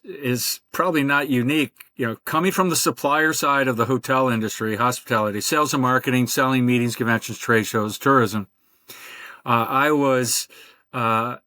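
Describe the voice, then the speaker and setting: An older man speaks as a podcast guest, his voice sitting at an ordinary middle pitch. He rambles through long stories, padding them with fillers and restarts. The sound is close and dry, with no room echo. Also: pushed and bright. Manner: rambling storyteller with many fillers. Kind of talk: conversational interview.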